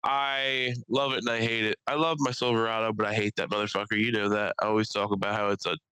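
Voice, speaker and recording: A man's voice: lowish voice, fast talker, clean tone, no room sound, low-quality recording. A man co-hosting a casual podcast, telling stories with lots of energy and slipping into exaggerated impressions. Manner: animated storyteller, slips into exaggerated impressions. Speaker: podcast co-host.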